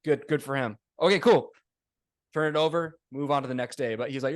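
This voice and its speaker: A man's voice: mid-range voice, brisk, no room sound, clean studio sound. A young man co-hosting a sports podcast, agreeing along in casual chat and adding his own stories. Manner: agreeable, backs up his friend with short replies. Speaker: podcast co-host.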